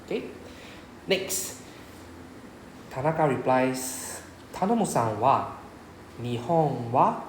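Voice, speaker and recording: A man's voice: medium pitch, animated, measured pace, pauses often, echoey room, slight background noise, poor audio. A man with a Singaporean English accent, teaching a Japanese class and explaining patiently, often checking with "right?". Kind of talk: classroom lecture.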